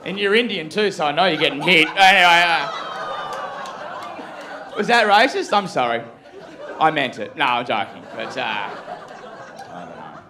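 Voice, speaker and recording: A man's voice: on the high side, sing-song, moderate pace, long pauses, noisy background. A Western Australian man doing a live stand-up set, with a dry, offhand delivery and asides to the crowd. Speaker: stand-up comedian. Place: comedy club stage. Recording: echoey room with loud ambience.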